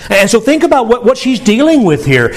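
A pastor with a high-pitched voice delivers a sermon to his congregation. His preaching is earnest and emphatic, and he often restarts his phrases as he talks. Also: very animated, a little fast. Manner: earnest, emphatic, conversational preaching with repeated words.

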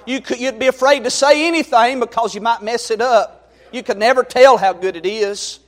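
Preacher man, high voice, fired up then quiet and folksy. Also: moderate pace. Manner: fervent, swings from loud exhortation to quiet storytelling. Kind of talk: sermon.

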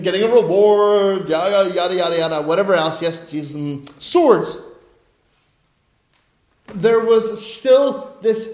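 Man, sermon, high-pitched voice, slow deliberate delivery, emphatic repetition, echoey hall. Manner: emphatic, rhetorical repetition, drops to soft low asides. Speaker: preacher.

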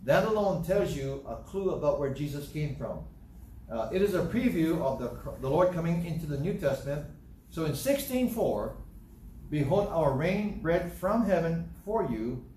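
A man's voice: a little high, sing-song, moderate pace, mellow, slight background noise. A man preaching a Bible teaching sermon, emphatic, repeating phrases and asking and answering his own questions. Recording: echoey room, voice from a distance.

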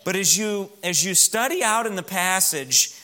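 A man preaching a sermon as pastor in a church, emphatic, slowing down and dropping to a hush on key words. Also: high voice, expressive.

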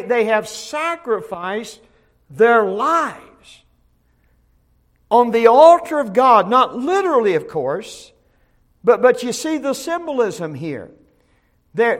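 At a Bible study, a pastor with a very high-pitched voice preaches emphatically. He alternates between forceful declarations and soft-spoken asides, repeating words often at the opening of a phrase.

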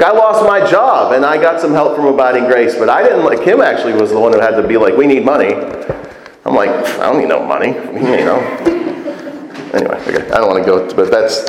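A man's voice: mid-range voice, roomy sound, long reverb tail, low-quality recording. A man preaching a sermon as pastor, talking casually and asking the congregation questions. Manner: conversational, animated, asks the congregation questions.

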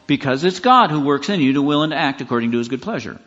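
A man's voice: on the high side, lively intonation, fast, fairly bright tone, faint music behind. A man hosting a podcast, teaching a Bible passage in a conversational, emphatic way, asking himself questions as he goes. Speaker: pastor and podcast host. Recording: dull lo-fi sound with long reverb.

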